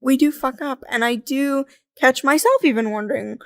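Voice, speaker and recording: Lively young woman telling stories. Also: sits high, normal speed, dry recording, clean studio sound. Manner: animated storyteller, acts out quoted voices, laughs often. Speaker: podcast guest. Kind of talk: casual conversational interview.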